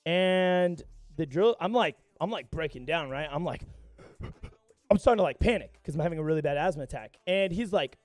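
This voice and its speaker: A man's voice: fairly high pitch, expressive, normal speed, no room sound. A young man streaming live, chatting casually with viewers and telling a rambling story full of profanity. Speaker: gaming livestreamer.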